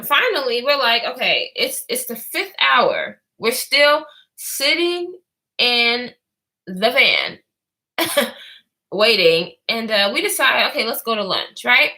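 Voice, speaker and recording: A woman's voice: fairly high pitch, sharp tone, rough recording. A woman vlogger telling a rambling story in casual talk, full of fillers and swearing.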